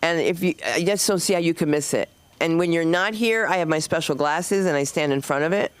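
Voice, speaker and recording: A woman's voice: fairly low pitch, brisk, smooth. A middle-aged woman hosts a comedy open mic, wandering from one story to the next in a loose stand-up set. She acts out the people in her anecdotes as she goes. Her voice comes through a handheld mic on a club stage. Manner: loose, digressive storytelling, acting out quoted people. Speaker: stand-up comic and host.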